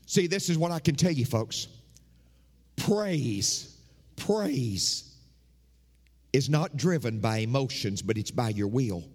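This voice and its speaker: A man's voice: medium pitch, animated, takes it slowly, long pauses, a little mellow, husky. A man preaching a sermon as pastor, emphatic and repeating his phrases for effect. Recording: long hall reverb.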